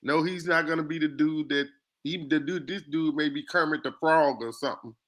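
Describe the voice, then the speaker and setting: A man hosting a casual discussion, animated and joking as he lays out scenarios. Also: on the high side, a little fast. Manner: animated, poses scenarios, jokey asides.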